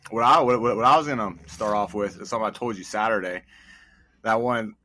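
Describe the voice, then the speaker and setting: A man's voice: lowish voice, quick pace, sharp tone. A man co-hosting a podcast in casual chat, rambling and swearing a lot, with filler words everywhere. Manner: profane, rambling with many "like"s and "dude"s. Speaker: podcast co-host.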